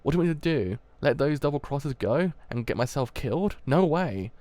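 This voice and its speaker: A man's voice: on the low side, fairly even intonation, normal speed, gravelly, darkish tone, no room sound. A man reading aloud as a hardened teenage male gang leader, curt and defiant. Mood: angry.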